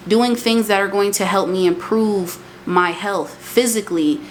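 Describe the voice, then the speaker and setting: Animated young woman, faint background hiss. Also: measured pace. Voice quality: emphatic and animated, swings into high exclamations. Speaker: vlogger. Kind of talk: casual motivational monologue.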